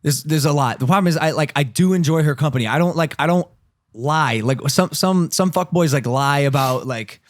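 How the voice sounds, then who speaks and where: A man in his twenties, a podcast co-host, telling a story in casual chat, animated and laughing, loudly acting out the people in it. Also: a little high, brisk, no echo, clean studio sound.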